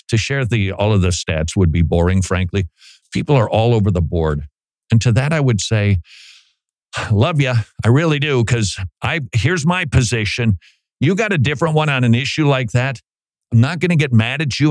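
A middle-aged man, a pastor, giving a folksy, animated commentary with frequent restarts on a close studio mic. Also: mid-range voice, no room sound. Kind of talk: conversational commentary monologue.

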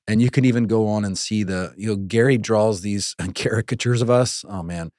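A man's voice: on the low side, normal speed, darkish tone, no room sound, clean studio sound. A man hosting a faith podcast, teaching in an earnest, conversational way with the odd laugh. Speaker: podcast host and Bible teacher. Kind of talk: casual teaching talk.

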